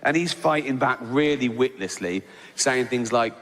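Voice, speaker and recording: A man's voice: mid-range voice, expressive, moderate pace, in a large hall, very noisy. A man with an English accent doing a stand-up routine, telling stories loosely and profanely and tagging lines with "right?", recorded live in a comedy venue. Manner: loose, profane storytelling with constant "right?" tags.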